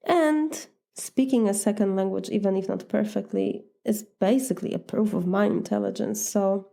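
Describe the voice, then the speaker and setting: Polish-accented woman life coach, warm mellow tone, earnest and direct, mid pitch. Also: moderate pace, gravelly, few pauses. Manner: earnest, direct, acts out sample dialogues. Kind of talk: coaching podcast talk.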